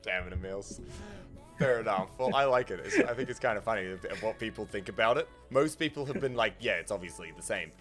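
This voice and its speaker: Lively bright-voiced young man laughing through chat. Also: on the low side, quick pace, faint music behind. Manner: giggly, reads chat aloud, rambling with many fillers. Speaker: streamer host. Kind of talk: casual stream chat.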